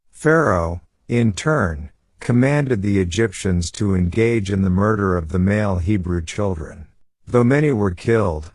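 A man reading Bible commentary aloud in a measured, steady way. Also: lowish voice, no echo. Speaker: Bible study reader.

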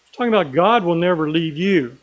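Man, sermon, earnest preacher, slightly raised pitch, emphatic slowed phrases. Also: animated, highs cut off. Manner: earnest, slows and stresses key words.

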